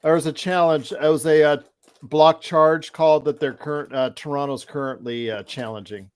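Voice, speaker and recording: Rambling middle-aged man, excitable. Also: fairly high pitch, moderate pace, clean tone. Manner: rambling, with frequent restarts and sudden excited outbursts. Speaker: host of a basketball chat show. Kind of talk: casual live game chat.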